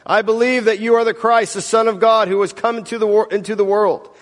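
A man's voice: sits high, fairly even intonation, a little fast, long reverb tail, close to an everyday voice. A man reading the lines of a grieving, devout woman aloud in a scripture reading, in an earnest, pleading tone.

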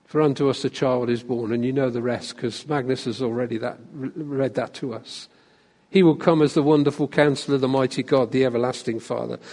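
High-voiced preacher in a reverberant church. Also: male voice. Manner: asks the congregation questions, drops to a hush on key phrases. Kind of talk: sermon.

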